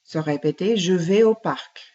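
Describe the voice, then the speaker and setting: Woman, French teacher, low voice, patient drills, muffled lo-fi sound. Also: warm tone. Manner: slow, patient, repeats French phrases and translates them. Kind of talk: classroom language lesson. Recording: dull lo-fi recording.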